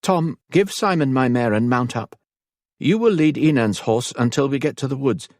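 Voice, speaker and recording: A man's voice: medium pitch, moderate pace, darkish tone, dry recording, studio quality, pitched above the performer's own voice, natural voice. A man voicing a young English noblewoman, earnest and careful, with firm, polite and proper speech. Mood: directing.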